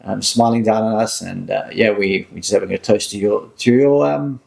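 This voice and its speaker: A man giving a halting, emotional memorial tribute full of fillers and restarts. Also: lowish voice, creaky, darkish tone. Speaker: family member giving a recorded tribute.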